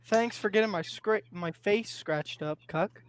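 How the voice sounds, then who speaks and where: A man with a high voice plays in a tabletop game. He sounds laid-back and jokey, chatting casually with the table. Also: unhurried, a little hiss or hum. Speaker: player.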